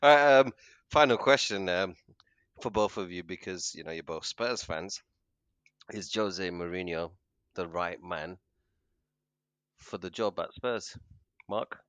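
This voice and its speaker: A man hosting a casual podcast interview, relaxed and hesitant, often laughing. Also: deep voice, measured pace, long pauses, clean tone, dry recording. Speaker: podcast host.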